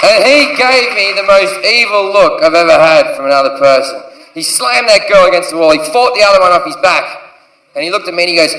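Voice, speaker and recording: A man's voice: high-pitched, brisk, pushed and bright. A man with an Australian accent telling a crude stand-up comedy story, acting out the people in it with shifting voices. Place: large theater stage. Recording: echoey venue recorded from a distance.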